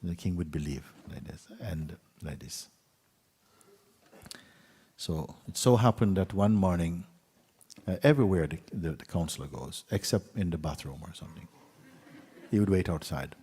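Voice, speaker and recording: A man, a spiritual teacher, telling a fable to an audience in an unhurried way, with pauses, sometimes dropping to a hushed whisper. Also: low voice, breathy edge, in a large hall. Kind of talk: storytelling talk to an audience.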